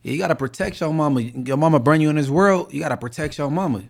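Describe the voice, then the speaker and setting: A man's voice: a little high, quick pace, vocal fry. A man co-hosting a podcast, chatting casually and jokingly with lots of filler phrases. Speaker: podcast co-host. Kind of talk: casual chat.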